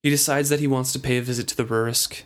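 A man's voice: mid-range voice, steady tone, fast talker. Man reading aloud and chatting. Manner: recaps and reads passages in first person. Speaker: book podcast co-host. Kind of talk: casual book discussion and reading aloud.

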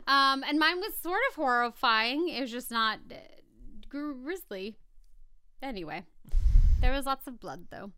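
A woman's voice: high-pitched, lively intonation, measured pace, pushed and bright, clear, resonant tone. A woman with a Californian accent co-hosting a podcast, chatting casually and wandering off topic with frequent laughs. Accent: Californian English. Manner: chatty and digressive, laughs often. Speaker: podcast co-host. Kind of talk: casual chat.

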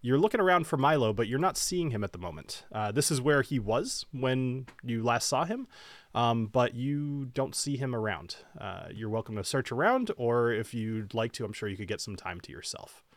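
A man's voice: medium pitch, animated, moderate pace, no room sound. Hesitant man running a tabletop game. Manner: hesitant, lots of fillers and restarts. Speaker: game master.

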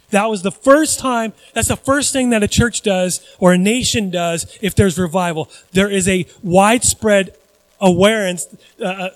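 A male pastor preaching a sermon, animated, swinging between loud emphasis and quiet asides and acting out the voices he quotes. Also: high voice, no room sound, low-quality recording.

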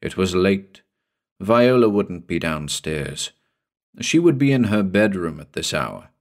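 A man reading a horror story aloud as narrator, in a slow, brooding and deliberate manner. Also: low voice, expressive.

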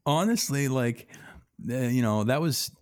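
Animated, swearing male co-host. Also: mid-range voice, unhurried, no room sound, clean studio sound. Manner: animated, swearing, laughing storyteller. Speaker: podcast co-host. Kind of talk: casual chat.

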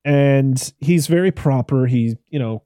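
In a studio-quality recording with no echo, a man with a mellow, mid-range voice speaks unhurriedly as co-host of a film podcast. He chats casually in a review style, recounting scenes and laughing frequently.

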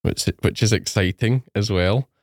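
Low-voiced man, joking host. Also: a little slow, dry recording, clean studio sound. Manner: joking, teasing, chatty. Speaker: podcast host. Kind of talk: casual chat.

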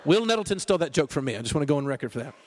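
A man preaching a sermon as pastor, conversational and animated, with jokes. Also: a little high, racing, long reverb tail.

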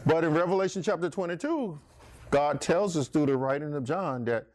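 A man's voice: fairly high pitch, expressive, normal speed. A man preaching a sermon, emphatic, calling out listeners by name. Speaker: pastor.

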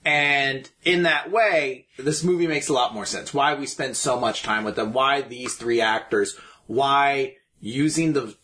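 A man's voice: mid-range voice, unhurried, bright, forceful tone. Rambling man in casual film chat. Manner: rambling, many fillers and restarts. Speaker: podcast co-host.

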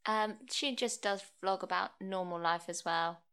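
A woman's voice: fairly low pitch, fairly even intonation, normal speed, a bit bright, smooth. A woman chatting casually on a podcast, a bit hesitant and giggly. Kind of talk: casual chat.

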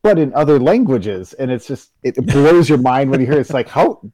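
A man's voice: medium pitch, lively intonation, brisk, dark tone, no echo, poor audio. Rambling man in casual sports chat. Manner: rambling, stammers and restarts. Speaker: podcast co-host.

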